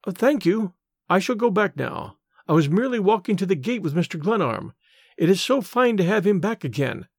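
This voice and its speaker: A man's voice: high voice, very animated, fairly quick, breathy edge, dry recording, clean studio sound, heavily acted. A man voicing a proud, cool young woman in a storybook reading, frosty and polite.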